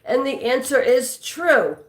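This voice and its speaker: A woman's voice: high-pitched, sing-song, slow pace. A woman with a New York accent hosting a live trivia stream, chatting with viewers and reading their comments aloud. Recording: echoey room.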